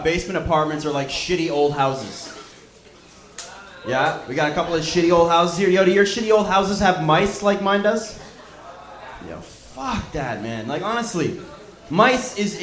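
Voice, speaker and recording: Canadian male club host, loose profane stand-up, high voice, roomy echo. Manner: loose, swearing, loud crowd-hyping. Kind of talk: stand-up comedy set. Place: comedy club.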